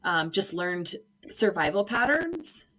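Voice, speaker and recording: A woman co-hosting a podcast, telling stories in a casual, animated way and acting out what people said with big jumps in pitch and bursts of laughter. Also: slow pace. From Arizona, United States. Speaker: podcast co-host. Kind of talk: casual storytelling chat.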